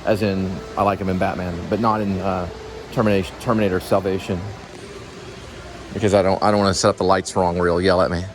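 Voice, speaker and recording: A man's voice: low voice, little pitch movement, quick pace, background noise. A man vlogging casually as he walks through a shopping mall, rambling and thinking aloud. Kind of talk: casual walking vlog.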